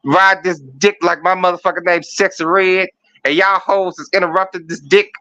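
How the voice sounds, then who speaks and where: A man's voice: high-pitched, steady tone, normal speed, sharp tone, no room sound. A man voicing an irritated woman who crudely tells visitors to leave her alone. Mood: dismissive. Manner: crude, dismissive. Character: irritated woman chasing nosy visitors away. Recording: dull lo-fi dry sound.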